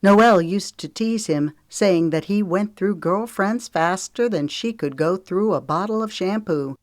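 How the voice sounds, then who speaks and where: A woman narrating a romance audiobook in a calm, measured way. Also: medium pitch, no room sound, studio quality. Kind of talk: scripted narration.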